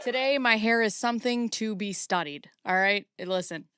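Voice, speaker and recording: Chatty woman with a smooth voice. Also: mid-range voice, moderate pace, a bit bright, no echo, clean studio sound, some chatter behind. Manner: rambling, chatty, self-deprecating. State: a little out of breath. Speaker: streamer host. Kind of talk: casual livestream chat.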